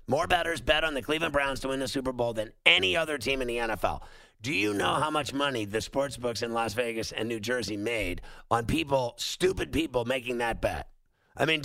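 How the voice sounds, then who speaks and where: A man hosting a sports talk show, venting in a sarcastic, emphatic rant. His voice is gravelly with a bright, forceful edge. The recording is dry and close. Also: medium pitch, no echo.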